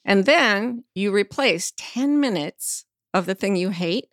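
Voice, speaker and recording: A woman's voice: mid-range voice, expressive, slow pace, dry recording, clean studio sound. A middle-aged woman, a podcast guest, telling vivid personal stories in a frank, blunt way. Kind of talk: storytelling in casual conversation.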